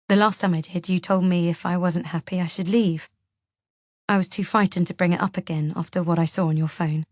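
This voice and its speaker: A woman voicing a worried young husband who talks softly and pleadingly. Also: lowish voice, no room sound, studio quality, natural voice.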